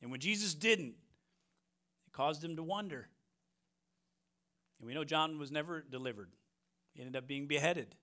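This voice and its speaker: Middle-aged American male pastor, bright and a touch high, emphatic sermon style. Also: normal speed, long pauses. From United States. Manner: emphatic, repeats phrases, frequent "right?".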